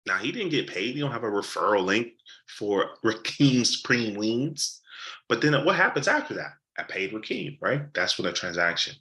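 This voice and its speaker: Man, sales coach, lively swooping delivery, bright forceful tone, acts out dialogues. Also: fairly low pitch, moderate pace. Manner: animated, acts out customer dialogues; repeats key points for emphasis. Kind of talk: live sales training session. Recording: roomy echo.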